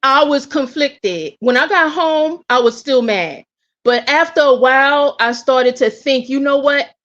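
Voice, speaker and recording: A woman with a slightly high voice tells a personal story with candid energy, often stumbling and restarting mid-sentence. The audio is somewhat dull and lo-fi. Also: a little slow. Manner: candid, animated, with frequent restarts. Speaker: guest. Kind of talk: casual storytelling.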